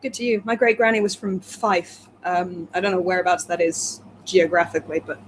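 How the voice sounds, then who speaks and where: A woman's voice: fairly low pitch, steady tone, brisk, a little hiss or hum, rough recording. A woman co-hosting, reading a timeline aloud with giggly, chatty asides in casual banter. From England. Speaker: co-host.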